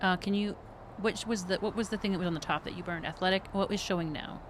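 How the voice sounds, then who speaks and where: A woman's voice: medium pitch, fairly even intonation, fast, noisy background. A woman running a tabletop game as game master, patiently explaining the rules and laughing often.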